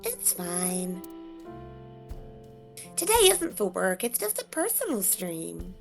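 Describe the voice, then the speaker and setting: A woman's voice: on the low side, wildly swooping pitch, slow, gravelly, music in the background, full character voice. A woman voicing a playful young female internet idol, reading game dialogue aloud with friends. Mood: teasing. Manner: playful, teasing.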